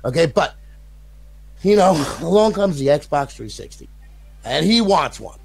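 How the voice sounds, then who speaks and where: Older guy, raspy gravelly voice, kinda high, rambles and repeats himself, swears a lot. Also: animated, measured pace, a little mellow. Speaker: console modder guest. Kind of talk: casual storytelling interview.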